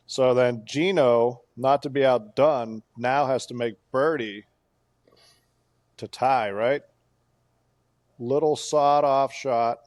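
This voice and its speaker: A man co-hosting a casual golf podcast, telling a play-by-play story with animated bursts of excitement. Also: mid-range voice, no echo. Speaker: podcast co-host.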